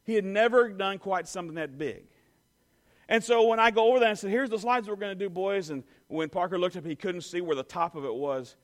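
A man telling an animated personal story to an audience, full of "you know" and "I mean". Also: high voice, a little fast.

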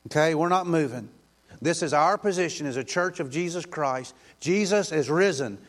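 A man's voice: a little high, moderate pace. A male pastor preaching a sermon in an emphatic, repetitive way, with rhetorical questions.

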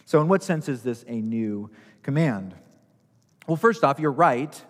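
A man preaches a sermon at a middle pitch, repeating his key phrases for emphasis. His voice rings out with a long reverb through a church sanctuary. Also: animated, measured pace. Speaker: pastor.

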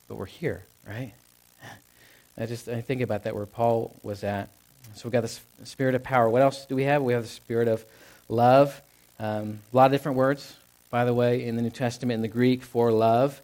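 A man's voice: medium pitch, little pitch movement, fairly quick, a little mellow. Casual conversational male pastor. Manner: casual, conversational, many fillers and asides. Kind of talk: sermon.

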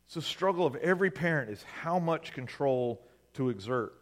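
A man's voice: fairly high pitch, expressive, normal speed, in a large hall. A male pastor preaching a sermon in a conversational way, often asking the congregation "right?".

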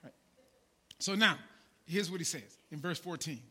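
There's a breathy edge to the pastor's voice as he preaches at a moderate pace. The sermon is conversational, dotted with "man" and "right?" and shifting from low asides to shouted emphasis.

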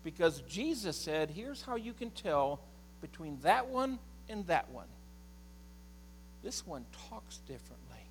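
A middle-aged man preaching a sermon as a pastor, swinging from impassioned shouting to quiet storytelling. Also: a little high, big pitch swings, measured pace, a little hiss or hum.

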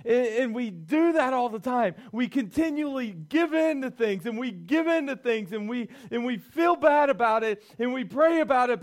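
High-voiced man preaching casually. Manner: casual and joking, acts out quotes. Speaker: pastor. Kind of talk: sermon.

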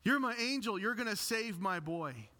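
A man doing a tearful middle-aged mother, high-voiced and gushing, stretching every word. The voice is bright and clear. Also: expressive, big-room sound. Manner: gushing, drawn-out.

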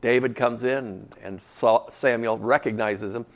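A man's voice: mid-range voice, fairly even intonation, a little slow. A man preaching a sermon in a folksy, conversational way, full of casual asides.

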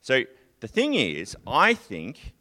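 A man giving a conversational sermon, chatty and animated, sometimes acting out a distressed psalmist's prayers. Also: medium pitch, slow. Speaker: preacher.

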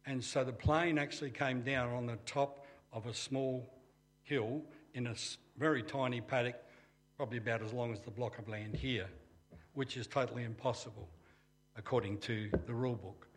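An older man with an Australian accent telling his personal faith story in a plain-spoken, conversational way with dry humor. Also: medium pitch. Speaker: testimony speaker.

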